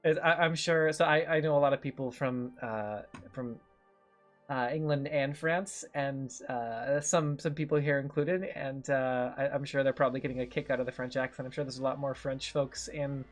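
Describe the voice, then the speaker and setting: A man's voice: mid-range voice, steady tone, moderate pace, soft background music. Chatty male game master, laughs at himself, mid-range voice. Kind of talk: narrating a tabletop game.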